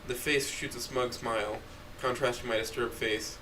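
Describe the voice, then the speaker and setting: A man's voice: mid-range voice, fairly even intonation, moderate pace, pushed and bright, a little hiss or hum. A young man streaming, reading a story aloud in first person with blunt, profane asides. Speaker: streamer reading a visual novel.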